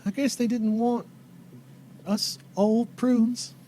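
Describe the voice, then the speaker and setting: A man's voice: extremely high pitch, little pitch movement, slow pace, dark tone, a little hiss or hum, voice pushed up. A man voicing a worried old woman who keeps a tavern, talking in plain rustic grammar. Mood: sorrowful. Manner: folksy country grammar, plaintive.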